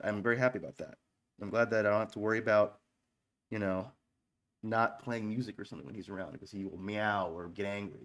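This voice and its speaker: Rambling man in his thirties, slightly low voice. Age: 30s. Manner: rambling and offhand, with frequent swearing and restarts; self-mocking, joking asides. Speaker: online radio stream host. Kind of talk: casual stream chatter between songs.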